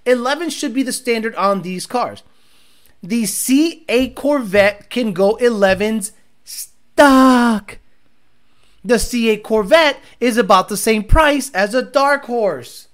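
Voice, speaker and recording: A man's voice: extremely high pitch, slow, fairly bright tone. A man hosting a live stream in crude, rambling, profane chat. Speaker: livestream host.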